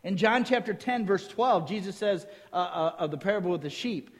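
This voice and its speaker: A man preaching a sermon, teaching in a lively way, quizzing his listeners with rhetorical questions and joking now and then. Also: high-pitched, brisk. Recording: long hall reverb.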